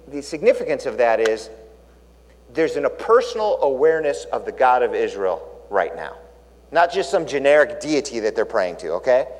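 A man preaching a sermon, telling the story with animated storytelling and acting out the characters' lines. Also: mid-range voice. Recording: long reverb of a large hall.

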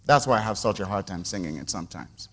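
A man preaching a sermon to his congregation, moving from quiet reflection to emphatic call-and-response. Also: sits low, expressive, quick pace, big-room sound. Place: church sanctuary.

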